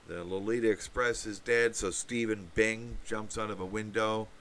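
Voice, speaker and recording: Host, male, low voice, meandering livestream commentary with sardonic asides, faint hum behind. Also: fairly even intonation, moderate pace, fairly bright tone. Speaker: channel host. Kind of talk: rambling political commentary livestream.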